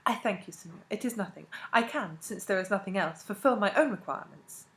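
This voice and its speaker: A woman's voice: medium pitch, lively intonation, brisk, natural voice. Woman reading as a courtly old foreign statesman. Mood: grave. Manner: courtly, grave. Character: dignified elderly foreign male ex-president.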